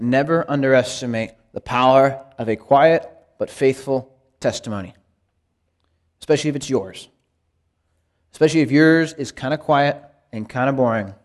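A man leads a Bible study in a conversational, sermon-like way, speaking earnestly and with emphasis. His voice sits in the mid range and lifts in lively rises whenever he quotes scripture.

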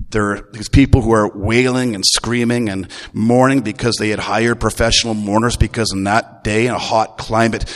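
A middle-aged man, a grandfather, preaching a Sunday sermon in a relaxed, folksy way, full of restarts. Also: fairly low pitch. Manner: conversational, folksy, with repeated restarts. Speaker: pastor. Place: church. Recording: long reverb of a church hall.

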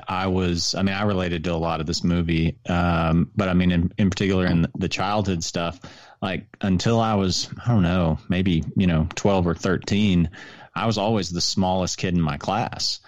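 A man's voice: deep voice, steady tone, normal speed, no echo, highs cut off. A man co-hosting a podcast and speaking reflectively about his own experience during a film discussion. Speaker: podcast co-host.

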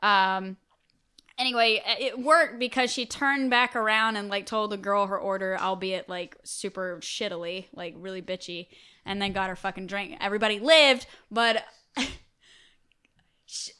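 A young woman tells a story with blunt, profane energy in a casual podcast chat. Her voice is bright and crisp, easy to follow. She jumps into the story. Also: mid-range voice, normal speed. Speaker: podcast co-host.

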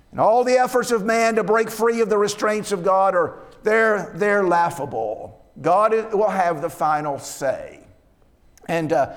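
A man preaching a sermon, reading verses aloud and explaining them in an earnest way, often repeating his words. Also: high voice. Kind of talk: sermon on Scripture. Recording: long reverb of a hall.

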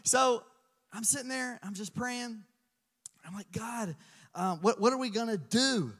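A man with a high voice preaches to a congregation, and he tells his story with animated energy, jumping into other people's voices. His voice rings with the long reverb of a large hall. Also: unhurried. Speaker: pastor. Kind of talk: sermon with personal story. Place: church.

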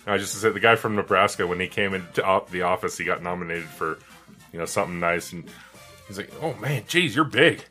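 A man's voice: deep voice, flat delivery, fast, bright, forceful tone, soft background music. A man in casual podcast chat, telling profane anecdotes and slipping into quoted voices.

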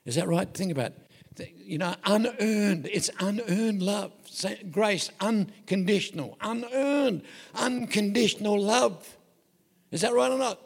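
A man's voice: sits high, measured pace, gravelly, breathy edge, long reverb tail. An older man with an Australian accent preaching a folksy, joking, anecdotal sermon, often breaking off mid-thought. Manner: folksy and joking, with self-interruptions.

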